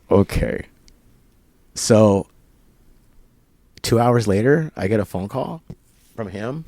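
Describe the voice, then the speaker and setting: Low-voiced man retelling a story animatedly. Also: vocal fry, no room sound. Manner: animated retelling with quoted dialogue and laughs. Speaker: interview guest. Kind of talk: storytelling in casual conversation. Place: barber shop.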